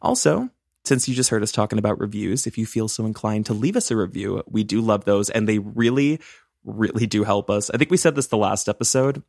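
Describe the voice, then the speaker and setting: Chatty low-voiced man hosting a podcast. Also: lively intonation, a little fast, vocal fry, a little mellow, no echo, clean studio sound. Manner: chatty, playful, laughs often. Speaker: podcast co-host. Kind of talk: casual true-crime podcast chat.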